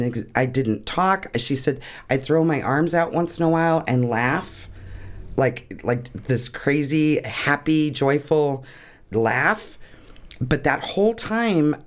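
A woman recounts a deeply personal experience in an interview, speaking earnestly. Her voice wavers with emotion, close to tears, and laughter often breaks through. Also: lively intonation, slow. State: tearing up. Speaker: guest.

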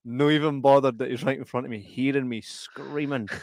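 A man's voice: mid-range voice, dry recording. Guy cracking himself up telling stories, dry close sound. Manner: laughs heavily while telling anecdotes. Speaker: podcast co-host. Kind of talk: casual chat, storytelling.

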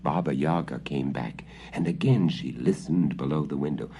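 A man reading a fairy tale aloud in an expressive, dramatic storybook style. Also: low voice, normal speed, creaky, few pauses, husky. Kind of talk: storybook narration. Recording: dull lo-fi recording.

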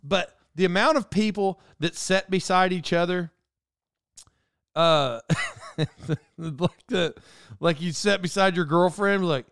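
Speaking slowly and pausing often, a male podcast host with a high, slightly bright voice wanders through a digressive monologue, cutting himself off and ranting about trivial matters. The sound is clean, dry, and studio quality.

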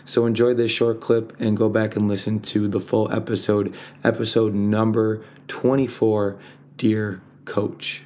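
A man hosting a podcast, introducing a clip in an earnest, steady way. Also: fairly low pitch, unhurried, slight background noise. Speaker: podcast host. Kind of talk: scripted introduction.

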